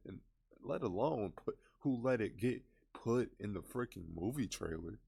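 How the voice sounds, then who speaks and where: Low gravelly dude ranting about a trailer, scoffing, fed up. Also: male voice, expressive, normal speed, darkish tone. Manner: scoffing, exasperated. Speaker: commentator reacting to a trailer. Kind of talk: casual reaction commentary.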